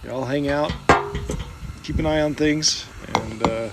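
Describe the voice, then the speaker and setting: A man's voice: fairly high pitch, slow pace, very noisy. A rancher hosting a casual live stream outdoors. He chuckles often and talks in a folksy way to his animals and his viewers.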